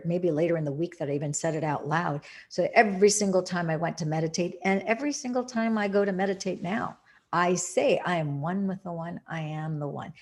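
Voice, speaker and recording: A woman meditation teacher guiding a meditation and speaking about spirituality, with slow, soothing, drawn-out phrasing and earnest emphasis. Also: lowish voice. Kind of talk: guided meditation and spiritual talk.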